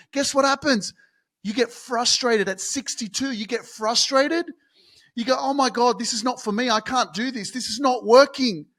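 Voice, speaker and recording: A man giving a motivational talk, emphatic, with clipped swearing, swinging from hushed tones to near shouting. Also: high-pitched. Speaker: motivational speaker.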